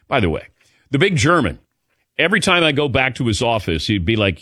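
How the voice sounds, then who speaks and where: A man's voice: medium pitch, very animated, brisk, sharp tone, no room sound, clean studio sound. A man hosting a sports talk radio show, chatting casually in a jokey, self-deprecating way and reading ads. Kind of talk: casual radio chat and live ad reads. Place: radio studio.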